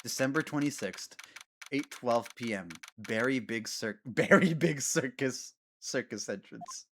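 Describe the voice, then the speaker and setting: A man streaming a game, chatting casually with his viewers in a giggly, animated way. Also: medium pitch, measured pace, slight background noise. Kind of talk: casual gaming stream chat.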